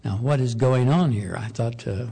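A man preaching a sermon, measured and deliberate, slowing down and rising in pitch on key points. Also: vocal fry, mellow, breathy edge. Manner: measured, slows for emphasis, rises on key points.

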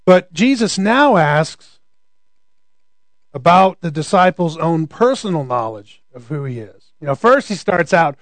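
A man's voice: fairly high pitch, sing-song, a little slow, no echo. A man preaching a conversational sermon, often asking rhetorical questions.

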